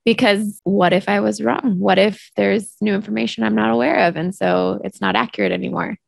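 A woman in casual chat, reflective and tentative, laughing softly. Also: medium pitch, fairly even intonation, fairly quick, creaky, dry recording.

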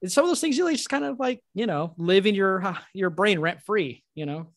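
A man's voice: high-pitched, animated, a little fast, a bit bright, dry recording, studio quality. A man hosting a podcast, talking in an eager, filler-heavy way and laughing often. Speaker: podcast host. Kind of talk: casual podcast chat.

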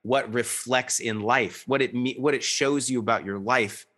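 A man's voice: mid-range voice, moderate pace, a bit bright. A man in his thirties talking in an earnest, rambling way, full of restarts and fillers, as a guest in a reflective conversation.

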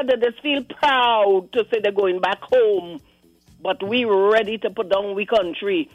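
A woman with a Trinidadian accent calling in to a radio show, animated and indignant, acting out the voices she quotes. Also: medium pitch, unhurried, dry recording, highs cut off, soft background music. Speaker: caller. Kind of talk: call-in radio commentary. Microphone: phone line.

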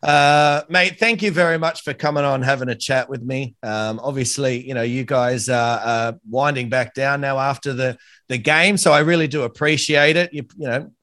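An Australian man hosts a casual podcast interview, friendly and quick to laugh, calling his guest mate. His voice sits at an ordinary middle pitch and the recording is dry, with little room sound. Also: bright, forceful tone, dry recording. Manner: friendly, says "mate" often, laughs easily. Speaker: podcast host.

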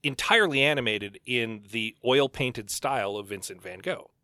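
A man's voice: mid-range voice, normal speed, bright, forceful tone, dry recording, clean studio sound. A man co-hosting a book club podcast, musing aloud in casual chat with occasional fillers. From Canada. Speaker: podcast co-host.

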